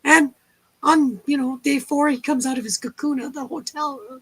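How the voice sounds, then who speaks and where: A woman telling lively stories on a casual livestream chat and acting out the people in them. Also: high-pitched, moderate pace. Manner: animated storyteller, acts out quotes. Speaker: guest storyteller.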